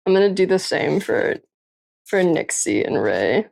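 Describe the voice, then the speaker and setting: A woman's voice: fairly low pitch, sing-song, unhurried, vocal fry, darkish tone. A woman livestreamer chatting casually late at night, tired and a little tipsy, giggling often and swearing freely as she rambles. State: tired and tipsy after drinking.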